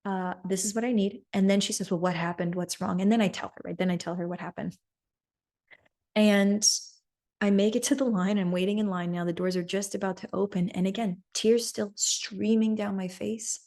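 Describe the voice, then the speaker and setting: A woman's voice: mid-range voice, steady tone, moderate pace, dark tone. A woman podcast host telling a personal story in an earnest coaching manner, often checking in with "right?".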